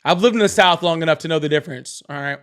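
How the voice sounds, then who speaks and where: A man hosting a casual political call-in livestream, chatty and quick to laugh and banter. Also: on the high side, loud music behind the voice. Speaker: livestream host.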